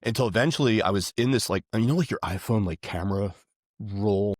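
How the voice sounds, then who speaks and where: A man's voice: fairly low pitch, brisk, no room sound, clean studio sound. A man guest in a casual conversation, earnest and rambling, with many fillers and restarts. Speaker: podcast guest.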